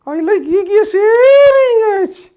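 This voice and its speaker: A woman voicing Mickey, a cheery, chatty male puppet in a children's puppet show, squeaky and sing-song. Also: expressive, measured pace, dark tone. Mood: excited.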